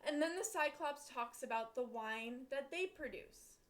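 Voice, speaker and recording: Slow, high-voiced woman teacher explaining. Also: animated. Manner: slow, careful explaining with fillers. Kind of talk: reading aloud and explaining a text.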